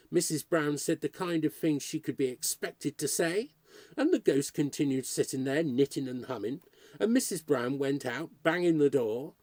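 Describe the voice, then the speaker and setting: A man reading a short story aloud as narrator, in a lively, expressive storytelling manner. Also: fairly high pitch, dry recording.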